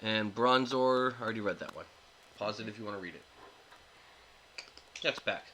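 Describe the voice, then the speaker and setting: A man hosting a casual card pack opening video, reading card text aloud in a flat, steady way and chatting with the viewers. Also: fairly low pitch, normal speed, a little hiss or hum, poor audio. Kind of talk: casual commentary while opening card packs.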